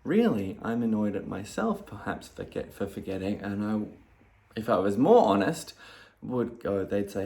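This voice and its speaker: A man in a casual talk to camera, calmly explaining, with his voice jumping loud and high when he acts out his own replies. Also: moderate pace, vocal fry. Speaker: video creator talking about ADHD.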